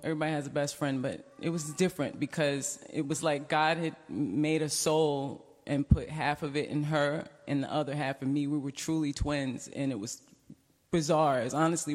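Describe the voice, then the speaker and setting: A woman's voice: low voice, moderate pace. A woman giving an earnest, reflective funeral tribute. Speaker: eulogy speaker. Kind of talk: funeral eulogy. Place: chapel. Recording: long hall reverb in a chapel.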